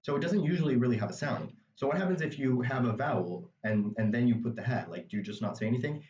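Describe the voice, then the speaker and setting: A man's voice: medium pitch, expressive, fast talker, a little mellow, reverberant, distant mic, dull audio. A man teaching a language, explaining a reading passage step by step in a patient way with many asides. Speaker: Arabic dialect teacher.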